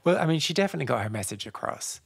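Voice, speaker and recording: A podcast host in a relaxed casual interview who laughs along and asks follow-up questions. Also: mid-range voice, rapid-fire, creaky, breathy edge, dry recording.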